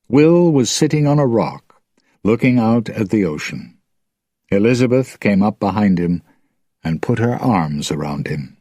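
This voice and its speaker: A man reading a story aloud slowly and clearly for English learners. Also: low-pitched, a little mellow, no room sound, studio quality. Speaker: narrator.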